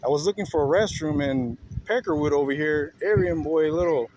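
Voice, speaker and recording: A man rattles through his story at a fast clip, full of "bro" and "I was like." His voice sits a little high. He stands outdoors by a bus stop with clear street noise around him. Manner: animated, heavy on "bro" and "I was like". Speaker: man reporting an incident. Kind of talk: casual storytelling.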